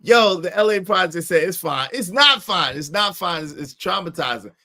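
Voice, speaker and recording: Bright-voiced man hosting a chatty live stream. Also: high voice, moderate pace, creaky. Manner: chatty, repeats phrases, gives shout-outs. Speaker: stream host reacting to clips. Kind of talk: casual live-stream commentary.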